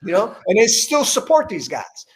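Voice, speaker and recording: A man's voice: high voice, huge pitch swings, normal speed. A man hosting an interview, talking emphatically with frequent restarts and rising intensity as he gets worked up. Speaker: podcast host interviewing a politician. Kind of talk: heated conversational interview.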